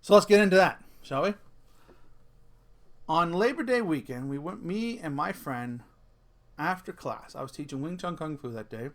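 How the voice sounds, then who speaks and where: Middle aged guy doing a casual rant vlog, cussing, really lively up and down voice. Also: a little high, normal speed, pauses often. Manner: animated storytelling, laughs at himself, swears. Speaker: vlogger.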